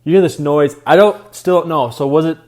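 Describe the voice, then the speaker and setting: A man's voice: fairly high pitch, a little fast, a little mellow. A young man co-hosting a podcast, chatting enthusiastically about a movie with hesitant restarts. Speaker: podcast co-host. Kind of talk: casual chat about a movie.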